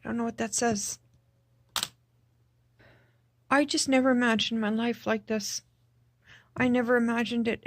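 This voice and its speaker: A woman recording a personal video diary, speaking in a subdued, tearful, halting way and repeating herself. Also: fairly high pitch, no room sound. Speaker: vlogger.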